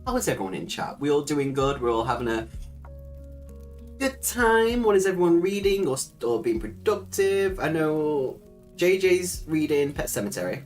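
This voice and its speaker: A woman's voice: low voice, very animated, moderate pace, darkish tone, soft background music. A woman hosting a casual livestream, chatting freely, laughing often and swearing casually. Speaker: livestream host.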